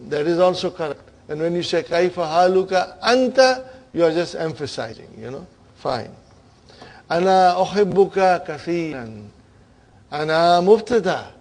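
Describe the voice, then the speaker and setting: Male language teacher, unhurried classroom delivery, slightly higher voice, keeps checking on the students. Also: darkish tone. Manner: patient, checks understanding with frequent "okay?" and "huh?"; addresses students as brothers and sisters. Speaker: Arabic grammar teacher. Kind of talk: classroom grammar lesson.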